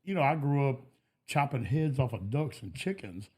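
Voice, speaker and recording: A man's voice: medium pitch, animated, normal speed, warm tone, husky. A man, a podcast guest, telling laid-back stories in casual chat and laughing often. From Texas.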